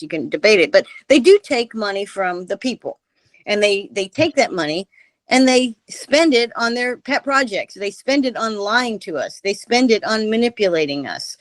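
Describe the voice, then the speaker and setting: This woman's medium-pitched voice comes through remote call audio with a dry recording quality. She is a radio interview guest offering impassioned political commentary, leaning on emphatic rhetorical questions.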